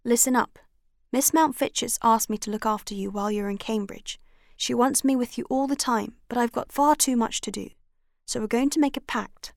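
A woman voicing a brisk, determined, tired young female student in a storybook reading. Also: on the high side, vocal fry, dry recording, studio quality. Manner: brisk, businesslike.

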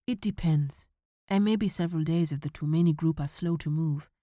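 A woman voicing a calm, steady ranger father who reassures his son, speaking in a soft, low, even manner. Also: fairly quick, no room sound, studio quality, natural voice.

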